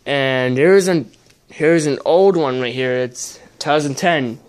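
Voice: mid-range voice, takes it slowly. A young adult host muttering casual commentary while opening trading card packs, often swearing in frustration.

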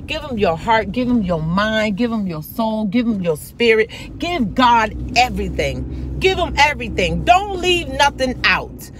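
A woman's voice: on the high side, lively intonation, measured pace, hardly any pauses, noisy background. A woman preaching a devotional message, fervent and prayerful, repeating her phrases for emphasis. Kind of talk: devotional exhortation.

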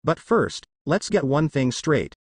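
A man's voice: a little high, big pitch swings, slow pace, husky, no room sound, exaggerated voice. A man voicing a brash, cheerful young male ninja who talks in a boisterous, bragging way. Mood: boastful.

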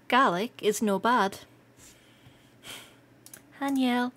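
A Scottish woman streaming live, chatting casually with viewers, excitable and quick to laugh. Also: medium pitch. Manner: excitable and giggly, laughs often. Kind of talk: casual livestream chat.

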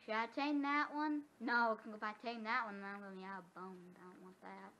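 A woman giving casual gameplay commentary, excitable and often gasping or squealing. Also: medium pitch, a little fast. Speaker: gamer. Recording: dull lo-fi sound with faint noise.

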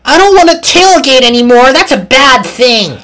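A woman's voice: high-pitched, big pitch swings, moderate pace, a bit bright, voice pushed up. A woman doing a brash little engine girl. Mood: earnest. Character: young female steam engine, brash.

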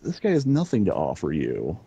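A man playing a gruff, insulting middle-aged father on a prank call, blustering and stammering. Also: sits low, wildly swooping pitch, fairly quick, mellow, highs cut off, slight background noise, exaggerated voice. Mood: dismissive. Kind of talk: prank call role-play.

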